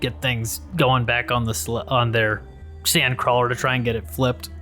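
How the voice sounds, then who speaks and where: A man at a mid-height pitch runs a tabletop game as game master. He narrates the scene in a rambling way, circling back and filling gaps with ums and uhs. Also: level tone, normal speed, pushed and bright, soft background music. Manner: rambling, with frequent fillers and restarts.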